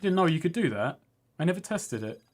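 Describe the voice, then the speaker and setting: A man's voice: a little high, sing-song, brisk. A man chatting casually while playing a video game, rambling and self-deprecating, often laughing at his own stories. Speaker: let's play co-host. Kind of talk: casual chat over gameplay.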